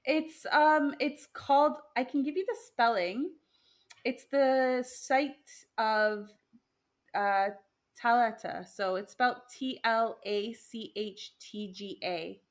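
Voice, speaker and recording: A woman's voice: on the high side, takes it slowly. A woman co-hosting a podcast, chatting casually about old stories, with lots of fillers, restarts and laughter. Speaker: podcast co-host sharing myths. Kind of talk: casual conversational chat.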